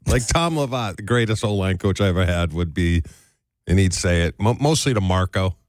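A man's voice: low-pitched, expressive, normal speed, no room sound, clean studio sound. A man who played the game co-hosting a sports radio show, giving blunt, easygoing opinions. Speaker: radio co-host, former player.

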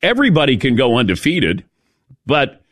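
A man's voice: medium pitch, wildly swooping pitch, moderate pace, fairly bright tone, dry recording, studio quality. A middle-aged man hosting a casual sports talk radio show, chatty and storytelling, laughing at his own jokes.

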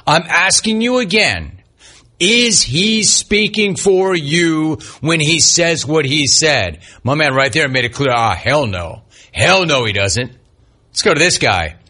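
Lively, bright-voiced sports radio host man. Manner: animated, swooping pitch, mocking impressions.

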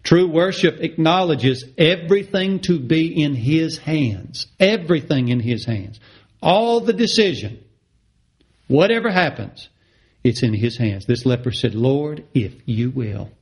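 A middle-aged man preaching a sermon, passionate and repetitive, his voice climbing high on the words he stresses. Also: sing-song, measured pace, husky. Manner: impassioned, repeats phrases for emphasis, rises sharply in pitch on key words.

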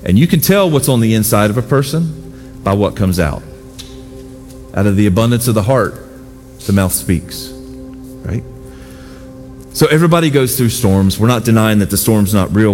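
A man preaches in a deep, emphatic voice, repeating his exhortations with animated energy. His words ring out in a large hall with a long reverb tail. Faint music sits underneath. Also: normal speed. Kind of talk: sermon.

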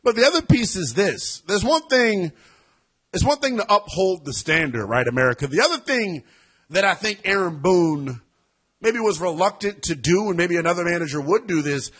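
A man hosting a sports talk radio show, talking in an animated, emphatic way that gets loud at times. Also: high-pitched, normal speed, breathy edge.

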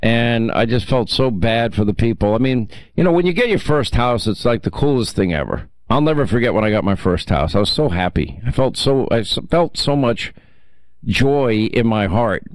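A man's voice: mid-range voice, animated, moderate pace, no room sound. Male talk radio host, casual and chatty with callers, dry close mic. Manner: chatty, reminiscing, teasing callers. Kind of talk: casual call-in chat.

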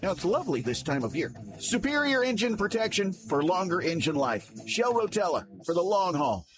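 High-voiced man, wry ad read. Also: big pitch swings, moderate pace, over music. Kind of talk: radio commercial voiceover.

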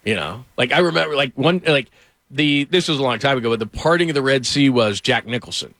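A man's voice: medium pitch, animated, a little fast, fairly bright tone, no echo. Sports radio guy rambling through a story, lots of "like", dry close mic. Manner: rambling anecdotes full of fillers.

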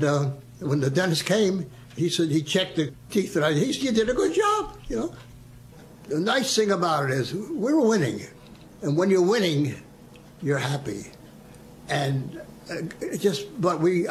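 Slight background noise accompanies a fairly high-pitched older man recounting his past as an interviewed veteran. He chats casually, storytelling and acting out quoted voices with the occasional chuckle.

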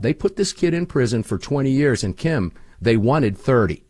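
A man's voice: mid-range voice, very animated, normal speed, a little mellow, no echo, clean studio sound. A man who hosts his own program, telling stories with emphasis as a guest on a political talk show. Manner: emphatic, storytelling. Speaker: radio host. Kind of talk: political talk radio interview.

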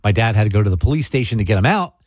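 A man's voice: lowish voice, animated, very fast, darkish tone, no echo, clean studio sound. An older man from South Jersey co-hosting a radio talk show, telling stories in a rambling, easygoing way. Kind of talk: casual radio chat. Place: radio studio. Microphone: studio microphone.

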